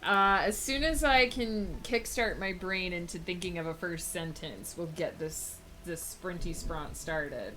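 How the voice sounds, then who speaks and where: Chatty low-voiced woman streamer, slow-paced. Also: pushed and bright, slight background noise. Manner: rambling, chatty, frequent fillers. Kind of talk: casual live-stream chat while writing.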